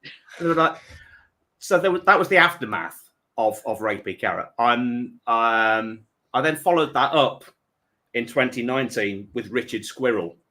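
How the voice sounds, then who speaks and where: Man, host, bright tone, chuckling, rambling storyteller. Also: medium pitch, animated, normal speed. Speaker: host of a charity livestream. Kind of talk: casual chat, telling an anecdote.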